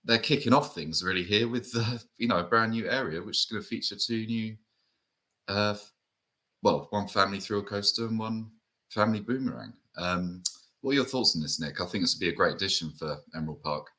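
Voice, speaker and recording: Deep-voiced British man chatting casually. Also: fairly quick, bright, forceful tone, rough recording. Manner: chatty, lots of fillers and tag questions. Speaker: co-host. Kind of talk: casual enthusiast chat.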